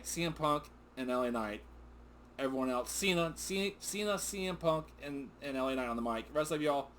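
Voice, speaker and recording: This mid-pitched male voice belongs to a dad co-hosting a father-and-son wrestling recap show, with slight background noise. He chats casually in an excitable, rambling way, often getting sidetracked and laughing.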